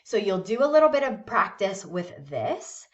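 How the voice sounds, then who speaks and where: A woman's voice: medium pitch, very animated. A woman teaching English, patiently walking through a lesson and checking in often with her listeners. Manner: slows down to model pronunciation of words. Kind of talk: recorded classroom lesson. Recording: dull lo-fi recording.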